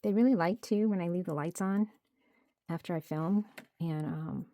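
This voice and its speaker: A woman's voice: fairly low pitch, normal speed, dark tone, no echo. A woman narrating her journaling in a casual, chatty way, thinking aloud as she works at her home craft desk and sometimes dropping to a near-whisper. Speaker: journaling creator.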